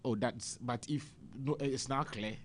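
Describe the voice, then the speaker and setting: A man's voice: mid-range voice, a little slow, slight background noise. A man from Ghana giving impassioned political commentary on a radio show, preachy and rhetorical, quoting scripture as he grows heated. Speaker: political party member on a radio panel. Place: radio studio.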